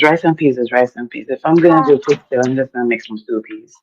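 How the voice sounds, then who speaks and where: Low-voiced emphatic Caribbean woman. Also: fast, few pauses, dull audio, a crowd in the background. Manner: emphatic, teasing, Caribbean expressions. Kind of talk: casual chat on a live stream.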